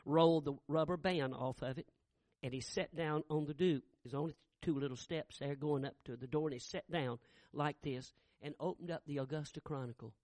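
A male preacher telling a story in a sermon, in a folksy, homespun way. His voice sits somewhat high for a man, and he talks in a relaxed, conversational manner. The recording is dry and close. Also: normal speed, dry recording.

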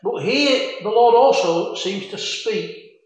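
A man preaching an expository sermon on a Bible passage, measured and reflective, with frequent fillers and quoted scripture in old-fashioned phrasing. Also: high voice, expressive. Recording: very echoey room.

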